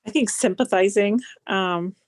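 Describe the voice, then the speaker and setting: A woman's voice: medium pitch, unhurried. A woman in a parenting group sharing a memory from her own childhood, thoughtful and tentative. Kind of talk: casual group discussion.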